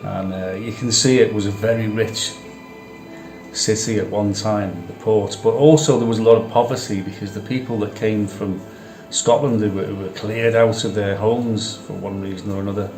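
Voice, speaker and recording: A man with a fairly low voice narrates a vlog in a relaxed, chatty way and repeats his points for emphasis. His voice echoes around the room. Clear music plays behind him. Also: normal speed. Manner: conversational, repeats phrases for emphasis. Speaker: vlog host.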